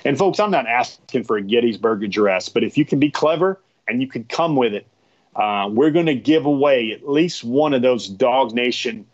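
A man's voice: medium pitch, animated, moderate pace, lo-fi sound. A man hosting a live stream, talking casually to his viewers in a rambling, chatty way that often repeats itself.

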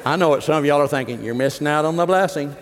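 A man's voice: fairly high pitch, fast talker, a crowd in the background, noisy background. A middle-aged man preaching a sermon, folksy and joking, rising into emphatic preaching. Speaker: pastor. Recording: long hall reverb.

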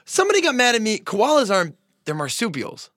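A man's voice: high-pitched, wildly swooping pitch, fast, a bit bright, no room sound. A man co-hosting a podcast in casual chat, joking and laughing often, recorded in a studio. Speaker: podcast co-host. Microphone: studio mic, headphones.

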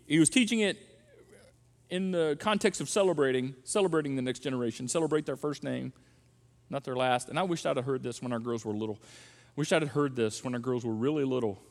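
A middle-aged male pastor preaching with emphasis, repeating key phrases again and again to drive his point home. His voice sits notably high for a man. A long reverb trails behind him from a large church auditorium. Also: gravelly. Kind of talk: sermon on parenting.

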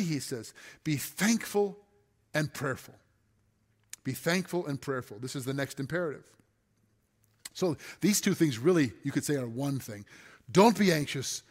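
A man preaching a sermon as pastor, earnest, often dropping to a soft, hushed voice on key phrases. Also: on the high side. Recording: long hall reverb.

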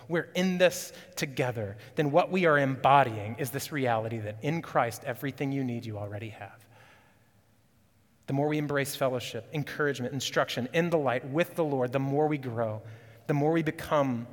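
A man preaching a sermon as pastor, earnest and urgent, rising on questions and dropping low and quiet for emphasis. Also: moderate pace, long reverb tail.

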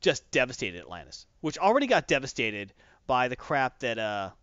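A man's voice: mid-range voice, very animated, normal speed, a bit bright, smooth, dry recording. A man in a casual chat, animatedly retelling a comic story and quoting its characters, on a dull lo-fi recording. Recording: dull lo-fi, dry.

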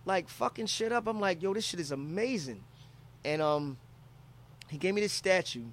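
A man's voice: high voice, animated, normal speed, fairly bright tone. A man from Philadelphia telling a travel story in casual, profane talk, acting out quotes from people he met.

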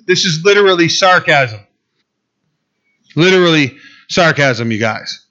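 A man delivers a sermon in a loose, talking style, tossing in sarcastic asides. His voice sits a little high for a man. The recording sounds muffled and lo-fi. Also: animated, measured pace, pauses often, sharp tone. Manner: conversational preaching, sarcastic asides. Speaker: pastor.

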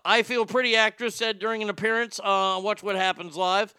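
Brief: male host, high bright voice, sarcastic and profane, dry close sound. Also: fairly even intonation, moderate pace, hardly any pauses, clear, resonant tone, dry recording. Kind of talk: ranting celebrity commentary.

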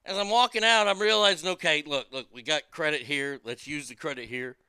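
A man's voice: fairly high pitch, fairly quick, few pauses, sharp tone, smooth, dry recording, clean studio sound. A man telling a story as a profane rant, stammering and repeating his words as he swears.

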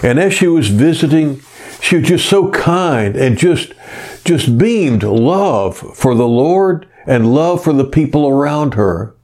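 A male pastor preaching a sermon, telling stories earnestly and often pausing on "uh". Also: fairly high pitch, lively intonation, a little mellow. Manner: earnest storytelling, frequent "uh" pauses.

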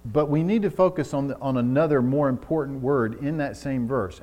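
A man preaching a sermon on marriage, telling vivid stories and building to loud, emphatic exhortation. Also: mid-range voice, moderate pace. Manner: storytelling with acted-out quotes, rising to loud emphatic preaching.

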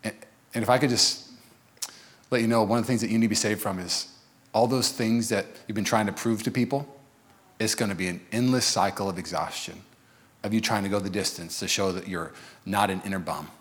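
A man preaching a sermon as pastor, animated and joking, acting out quoted voices. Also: fairly low pitch, brisk. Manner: animated, jokey, acts out voices of others.

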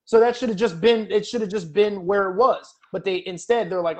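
A man's voice: sits high, fairly quick, hardly any pauses. A man co-hosting a casual sports podcast, arguing emphatically and swearing about referee calls. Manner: argumentative, emphatic, profane. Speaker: podcast co-host. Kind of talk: heated casual sports debate.

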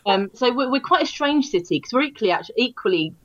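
A woman from London with a London accent, chatting as a podcast guest, talking in quick bursts with frequent restarts and laughs. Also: fairly high pitch, animated, fairly bright tone, no room sound, muffled recording. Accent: London English. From London, England. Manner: chatty, self-interrupting, laughs often. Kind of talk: casual podcast chat.

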